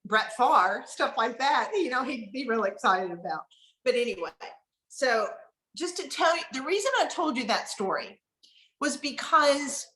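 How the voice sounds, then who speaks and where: A middle-aged woman with a drawl leads a casual online mentoring session on furniture finishing, her voice high and sharply bright. She tells stories in an animated way, acting out what people said. The sound carries a roomy echo.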